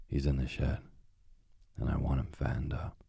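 A man's voice: a bass voice, completely flat delivery, moderate pace, vocal fry, dark tone, slightly rough, no room sound, studio quality, exaggerated voice. A man voicing a scornful old witch. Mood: harsh. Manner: barking, contemptuous orders. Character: cruel old woman witch, harsh and scornful.

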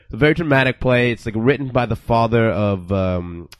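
Fast-talking rambling podcast man. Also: medium pitch, lively intonation, no echo. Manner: rambling, profane, heavy use of "like". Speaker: podcast co-host. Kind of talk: casual chat, storytelling.

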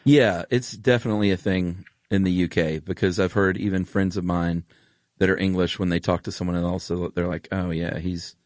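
A man's voice: low voice, steady tone, brisk, darkish tone, no echo. A man co-hosting a podcast, telling stories in a laid-back, enthusiastic way. The mic is close and dry. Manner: laid-back, enthusiastic storyteller who laughs often. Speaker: podcast co-host. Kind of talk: casual chat.

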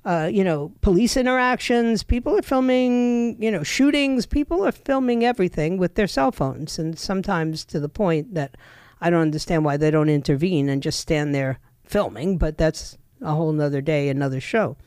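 A woman's voice: lowish voice, moderate pace, darkish tone, clean tone, no room sound, clean studio sound. A woman hosting a talk radio show, delivering an opinionated monologue in a chatty, sardonic way, with many fillers and restarts.

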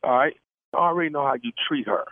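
A man's voice: a little high, lively intonation, fast talker, no room sound. A man making a radio prank call, brash and matter-of-fact, often stammering over his words. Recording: dry phone-like line.

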